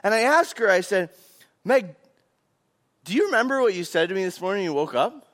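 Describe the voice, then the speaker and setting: A young man, a pastor, telling a lively personal story in a sermon and acting out what was said. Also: sits high, fairly quick. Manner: animated, acts out quotes.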